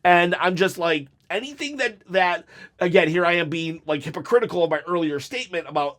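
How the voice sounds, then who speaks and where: Man, high-pitched, casual chat, rambling and laughing, reading viewer takes. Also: expressive, moderate pace. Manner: rambling, laughing, self-correcting.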